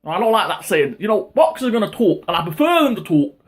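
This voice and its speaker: A man hosting his own boxing talk channel, ranting in a heated, casual way, with lots of swearing and sudden high-pitched outbursts. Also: very animated, fast. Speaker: boxing commentary vlogger. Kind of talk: casual opinion rant.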